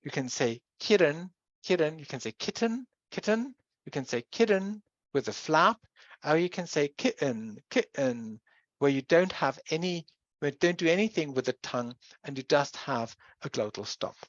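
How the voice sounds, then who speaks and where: University lecturer, measured explanatory delivery, muffled dry recording. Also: medium pitch, animated, dry recording. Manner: explanatory, with pauses and self-corrections.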